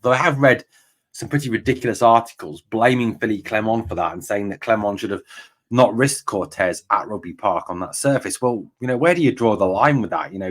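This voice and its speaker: A man hosts his own football fan channel, talking alone to his viewers. He rants with angry emphasis and stacks repeated phrases on top of each other. His pitch sits in an ordinary middle range for a man. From Scotland. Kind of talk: heated solo fan commentary.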